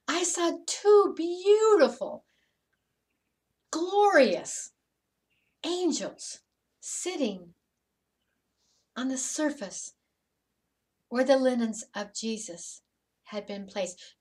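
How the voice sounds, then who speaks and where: A woman in a church service playing a joyful, grieving disciple who has just seen her risen teacher, telling it in first person with stammering repeats and soft whispers. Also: on the high side, big pitch swings, slow, long pauses. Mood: wondering. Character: Mary Magdalene, woman disciple, joyful witness. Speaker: dramatic monologue in a church service. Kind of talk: first-person sermon monologue. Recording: voice from some distance off the mic.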